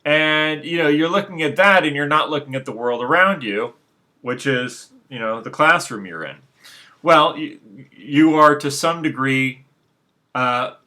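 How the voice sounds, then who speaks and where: Male, bright tone, loose rambling monologue with frequent restarts, frank delivery. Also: mid-range voice. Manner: rambling, many restarts and fillers; frank, unbothered. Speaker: speaker on spirituality. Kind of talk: unscripted monologue.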